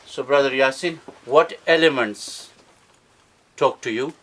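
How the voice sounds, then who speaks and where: A man's voice: mid-range voice, a little slow, a bit bright. Man quizzing a live audience. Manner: engaging, quizzes the audience, keeps checking with "yeah?". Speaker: speaker at a book launch. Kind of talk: interactive teaching talk to a live audience. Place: event room with a live audience.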